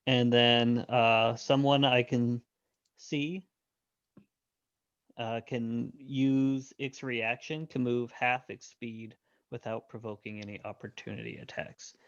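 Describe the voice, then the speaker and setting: Slow-talking player on a dull, dry mic. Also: mid-range voice, steady tone, no echo. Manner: measured, explains rules step by step. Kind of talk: casual game-table talk.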